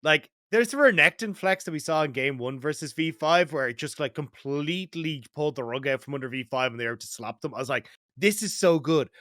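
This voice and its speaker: A man's voice: on the high side, quick pace, few pauses, sharp tone, dry recording, clean studio sound. An Irish man co-hosting an esports panel, chatting casually with lots of "like" fillers and easy laughs. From Ireland. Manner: rambling, filler-heavy, laughs often. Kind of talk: casual analytic chat.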